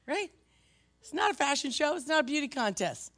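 A pastor preaching a sermon in a conversational, animated storytelling manner, self-deprecating and lively. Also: sits high, fairly quick, no room sound, clean studio sound.

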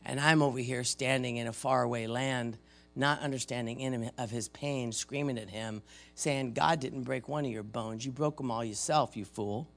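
Older male preacher, gravelly voice, talks plainly, then swells loud for scripture. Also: mid-range voice. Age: 50s or older. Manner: conversational preaching, dramatic readings of scripture, swings between loud and soft. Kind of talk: sermon.

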